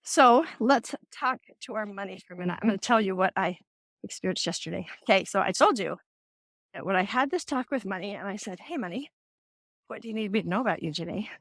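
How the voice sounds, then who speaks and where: A woman's voice: mid-range voice, animated, fairly quick, a bit bright, no room sound, studio quality. A middle-aged woman hosting a casual faith-based talk, telling stories with animation and acting out the voices she quotes. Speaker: host.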